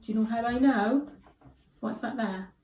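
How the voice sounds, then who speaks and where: A woman with an English accent teaching a child to read, encouraging, and slowing down to read lines with lots of expression. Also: a little high, dull audio. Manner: encouraging, slow and expressive when modelling sentences. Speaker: primary school teacher. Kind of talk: guided reading lesson with a child. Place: school classroom. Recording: roomy classroom with faint background hiss.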